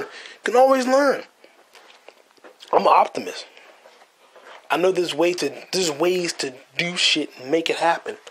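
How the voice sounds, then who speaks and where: Husky-voiced young American man rambling. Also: on the high side, fairly bright tone. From United States. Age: 20s. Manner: profane, rambling, joking; stumbles over words. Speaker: podcast host. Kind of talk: casual solo monologue.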